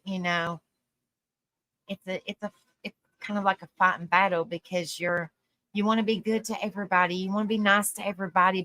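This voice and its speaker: Bright-voiced woman, earnest rambling stream talk. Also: medium pitch, no echo. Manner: rambling and earnest, heavy on "you know". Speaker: live-stream panel host. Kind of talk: casual live-stream talk.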